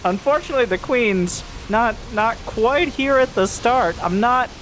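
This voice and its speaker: A man casting a strategy game match, joking around and getting loud and excited at big plays. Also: very high-pitched, slow pace, soft background music. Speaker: esports caster. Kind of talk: game commentary.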